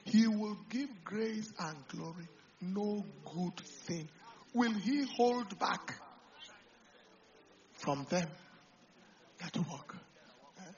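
A Nigerian pastor preaches, moving from loud, fervent delivery to quiet, confiding talk and slipping into Pidgin. His voice sits high, he draws out words and pauses often, and the audio is dull.

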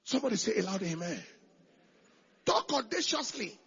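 A man preaching a sermon with emphasis, repeating phrases and swinging from hushed lines to shouted declarations. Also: sits high, big pitch swings, moderate pace, breathy edge, lo-fi sound. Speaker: pastor.

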